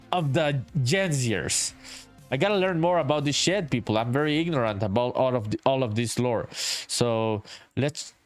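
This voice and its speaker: A man streaming his indie game development, chatting casually with viewers, reading comments aloud, saying dude a lot and swearing freely. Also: mid-range voice. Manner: laid-back, swears often, calls everyone dude, reads chat aloud. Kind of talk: casual live-stream chat while working.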